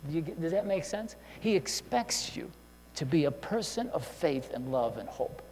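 A man's voice: a little high, very animated, moderate pace, darkish tone. A man preaching a sermon in a conversational way, often checking in with listeners and restarting his sentences. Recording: long hall reverb with faint hum.

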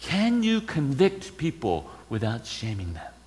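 A man's voice: medium pitch, huge pitch swings, a little slow, darkish tone, long reverb tail, low-quality recording. A man preaching a sermon, retelling a story and asking rhetorical questions.

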